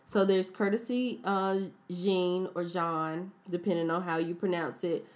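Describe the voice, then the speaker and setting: A woman co-hosting a relaxed podcast. She chats casually, running through recommendations with a friendly, rambling flow and frequent "um"s. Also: on the low side, normal speed. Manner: chatty, recommends businesses with frequent fillers. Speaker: podcast co-host. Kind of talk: casual chat.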